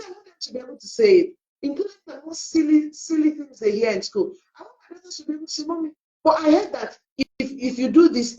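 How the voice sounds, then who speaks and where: Dull lo-fi middle-aged woman, lively storyteller. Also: high voice. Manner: animated storyteller who acts out quoted dialogue. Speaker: parenting coach. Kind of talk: live online talk, telling stories. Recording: dull lo-fi audio.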